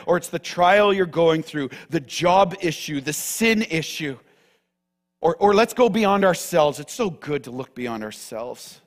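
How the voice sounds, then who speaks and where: A male pastor preaching a sermon with passion, moving from loud declarations to hushed, near-whispered appeals. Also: fairly high pitch, unhurried, long reverb tail.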